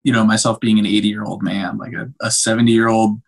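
A young man, a cinematographer, chatting casually on a podcast in an animated, emotional way with many restarts. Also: fairly low pitch, fairly quick, vocal fry. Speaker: cinematographer guest.

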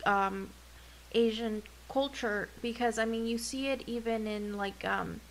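Young female podcast co-host, animated, a bit high-pitched, faint hiss on the recording. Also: measured pace, low-quality recording. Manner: animated, swearing, jumps pitch when excited. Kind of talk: casual podcast chat.

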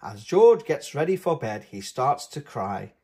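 Slow, lively man reading a story aloud. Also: mid-range voice, slightly rough. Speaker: storybook reader. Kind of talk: children's read-aloud narration.

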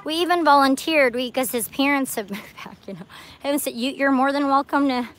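A woman chatting casually on a live vlog in a parking lot at night, excitable and talkative. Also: high-pitched, a little fast. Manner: chatty and excitable, coos at a frog. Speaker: vlogger livestreaming.

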